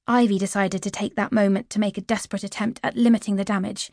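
A woman from the United Kingdom narrating a children's audiobook in a clear, lively storytelling manner. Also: mid-range voice, fast, no echo, studio quality.

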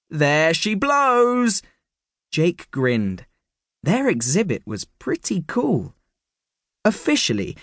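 Animated male children's audiobook narrator. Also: fairly high pitch, dry recording, studio quality. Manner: animated storytelling, playful emphasis. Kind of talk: scripted narration of a children's book. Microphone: close studio mic.

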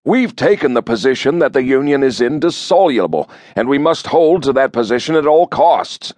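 A male audiobook narrator voicing a stiff secretary of state who speaks flatly and insistently, pitched above his own voice. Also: moderate pace, no echo, lightly acted. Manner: declares things flatly and insistently. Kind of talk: audiobook character voice.

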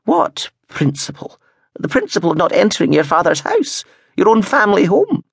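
A man puts on a fierce old grandmother from an audiobook, her voice raised high and husky, drawn out slow and deliberate. She speaks bluntly and probes with each question, and the read is dry and close with wild swings of pitch. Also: wildly swooping pitch, dry recording, full character voice. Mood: sharp. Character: fierce, sharp-tongued old grandmother in a wheelchair. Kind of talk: audiobook character voice.

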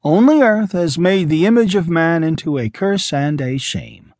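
A man voicing a calm, sorrowful alien man who speaks softly and gravely. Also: normal speed, no echo, studio quality, close to an everyday voice. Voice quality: low, soft and grave.

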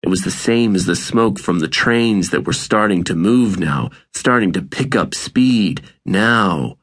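A man narrating an audiobook in a measured, deliberate reading. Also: low-pitched, expressive, a bit bright. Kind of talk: scripted narration.

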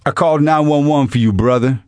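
A man's voice: fairly high pitch, brisk, darkish tone, dry recording, pitched above the performer's own voice, close to an everyday voice. A man doing a wincing, friendly bystander. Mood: sympathetic. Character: sympathetic male bystander, adult.

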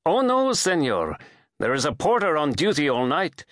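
A man's voice: a little high, huge pitch swings, moderate pace, a bit bright, no room sound, studio quality, voice pushed up. A male narrator voicing a watchful, polite hotel clerk in an audiobook, speaking deferentially and addressing the guest as sir. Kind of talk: audiobook character voice.

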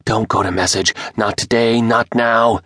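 A male narrator voicing an excited scientist who is breathless and stumbles over his words. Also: fairly low pitch, a little slow, no echo, clean studio sound, pitched above the performer's own voice. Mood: pleading. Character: frantic male scientist, a stiff deputy.

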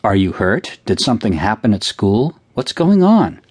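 A man voicing a mother who speaks to her crying daughter in a worried, gently soothing way. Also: on the low side, moderate pace, husky. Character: caring mother of two, anxious and comforting.

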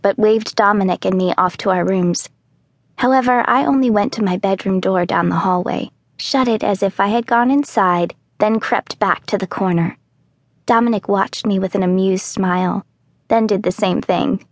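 A woman narrating a children's audiobook in the first person, telling the story calmly and clearly. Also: medium pitch, moderate pace, dry recording. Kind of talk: scripted narration.

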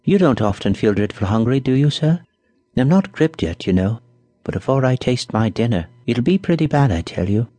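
A man's voice: mid-range voice, animated, moderate pace, mellow, no room sound, natural voice. A man voicing a ragged, hungry little street girl who talks in a bold, matter-of-fact way with common speech, in a storybook reading. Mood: cool.

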